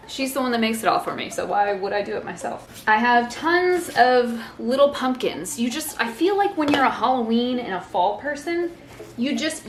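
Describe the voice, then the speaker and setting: A woman's voice: on the high side, slight background noise. A young woman vlogger sitting on her living room floor, chatting in a rambling, self-mocking way as she goes through her decorations. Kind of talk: casual chat. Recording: echoey room with faint ambience.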